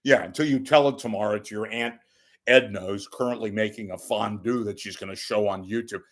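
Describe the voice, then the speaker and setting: An older man ranting at home in a rambling, profane, wisecracking monologue, swinging between loud bursts and muttered asides. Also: fairly low pitch, a little fast. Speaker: media commentator. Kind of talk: off-the-cuff monologue.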